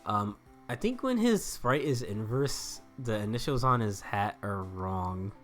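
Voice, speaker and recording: A man's voice: on the low side, expressive, unhurried, a bit bright. A young man giving casual, joking let's-play commentary, rambling and laughing at himself. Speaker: gameplay commentator. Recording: faint game music behind.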